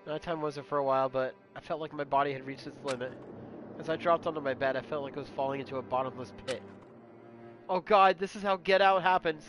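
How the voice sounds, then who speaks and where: A man hosts a let's play, reading the story narration and dropping crude, jokey asides. His voice sits fairly high for a man. Game music runs behind him. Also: fast talker, a bit bright.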